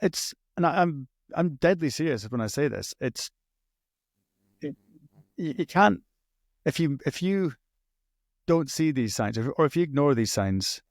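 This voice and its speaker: A man's voice: on the high side, expressive, measured pace, long pauses, dry recording, clean studio sound. A man hosting a podcast, chatty and emphatic, joking with his guest. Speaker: podcast host. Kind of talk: casual interview chat.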